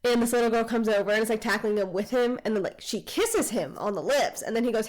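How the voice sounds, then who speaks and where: A woman's voice: on the high side, fast, hardly any pauses, low-quality recording. Chatty woman rambling through a film plot. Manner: rambling retelling of a film plot, many "like" fillers. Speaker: podcast co-host. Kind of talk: casual chat.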